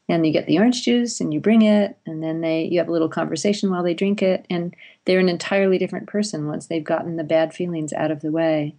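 A woman's voice: lowish voice, fairly even intonation, fast, dark tone. A woman, a parenting expert guest, explaining and telling stories in conversation, acting out parent and child lines. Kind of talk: conversational interview.

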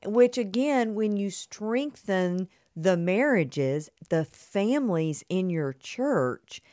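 A woman's voice: mid-range voice, lively intonation, slow pace, warm tone, dry recording, clean studio sound. A woman co-hosting a podcast about marriage ministry, explaining her points earnestly in long linked sentences. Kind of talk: casual conversational podcast.

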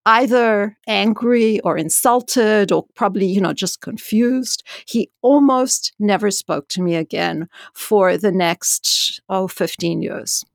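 A woman's voice: medium pitch, slow pace, creaky, few pauses, dry recording, clean studio sound. A woman scientist speaking frankly and emphatically in a conversational interview. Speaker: senior scientist.

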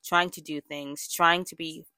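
Chatty young woman with a low, dry voice. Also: fairly even intonation, a little slow, bright, forceful tone, clear, resonant tone, no echo. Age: young adult. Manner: chatty and candid, with frequent fillers and self-corrections. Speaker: podcast host. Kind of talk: casual personal monologue.

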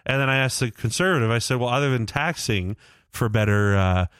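Brisk and smooth, with a mid-range, slightly bright voice, this young podcast co-host rambles through casual stories full of profanity and fillers like "like" and "uh." The recording is dry and studio quality.

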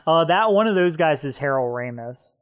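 A man co-hosting a podcast in casual chat, relaxed and laughing often as he recaps. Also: on the high side, moderate pace. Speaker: podcast co-host.

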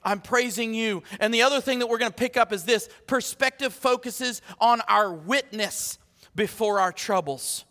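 High-voiced animated man preaching. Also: normal speed. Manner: animated, rallying, repeating phrases. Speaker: pastor. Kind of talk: sermon. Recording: reverberant hall.

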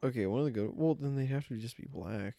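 A man's voice: medium pitch, fast, creaky, mellow, dry recording, clean studio sound. A young man co-hosting a podcast, rambling and joking in casual chat. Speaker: podcast co-host.

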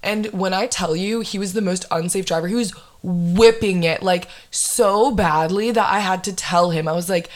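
A young woman in her twenties, a podcast host telling a dating story in casual chat, animated and full of "like". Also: fairly low pitch, moderate pace, few pauses. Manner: animated, heavy use of "like".

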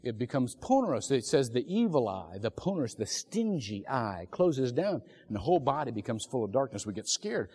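Animated middle-aged male pastor preaching. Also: medium pitch, normal speed, few pauses, breathy edge. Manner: animated storytelling, laughing often. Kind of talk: sermon. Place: church sanctuary. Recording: echoey church hall.

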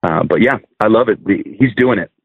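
A man's voice: fairly low pitch, brisk, creaky, husky, no echo. A man, a minister, earnestly telling a testimony as a podcast guest, often restarting and repeating words. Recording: dry, phone-like narrow sound.

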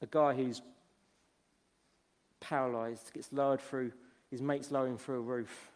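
A man's voice: medium pitch, level tone, unhurried, darkish tone, in a large hall. A man preaching a sermon, earnest and storytelling, often restarting his phrases. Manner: earnest, restarts phrases while retelling stories.

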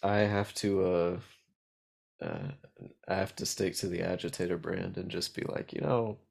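A man's voice: low-pitched, fairly even intonation, normal speed, vocal fry, a little mellow, husky. A man hosting a podcast, joking and laughing through casual chat with hesitant fillers.

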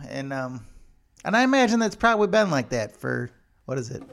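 Guy rambling jokey vlog story, lively pitch, gravelly. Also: a little fast. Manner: rambling, joking, many fillers. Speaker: vlogger. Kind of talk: comedic casual monologue.

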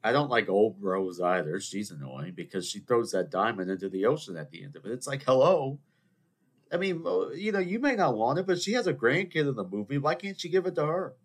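A man hosting a podcast, talking in a rambling, jokey monologue full of fillers and restarts, sometimes bursting into high exclaimed imitations. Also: big pitch swings, brisk. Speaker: podcast host. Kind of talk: casual monologue.

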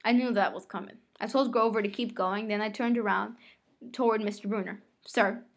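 A woman's voice: mid-range voice, fairly even intonation, a little fast. A woman reading a novel aloud, telling the first-person story in a conversational way. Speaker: reader.

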